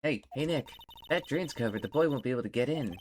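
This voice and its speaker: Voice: medium pitch, animated, fast talker, darkish tone, a little hiss or hum, natural voice. A streamer reading the lines of a cheerful young female sidekick from a game in a perky, teasing way.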